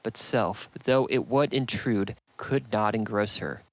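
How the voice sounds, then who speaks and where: A man reading a classic novel aloud in a steady, measured narration. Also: fairly low pitch, no echo, rough recording. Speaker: audiobook reader.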